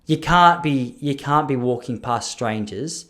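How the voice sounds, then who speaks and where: Speaking a bit slowly in a medium-pitched, fairly bright voice, a young man hosts a solo podcast episode. His long, meandering story is full of self-interruptions and playful side comments.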